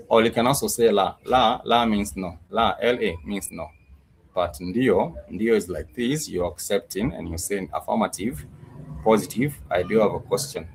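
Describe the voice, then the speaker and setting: A man with a lowish voice leads an online language lesson. He is patient and repetitive, going over each word slowly with plenty of "uh"s, and a faint hum sits behind him. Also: darkish tone, poor audio. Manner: patient, repetitive, drills words slowly with many fillers. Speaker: Swahili teacher.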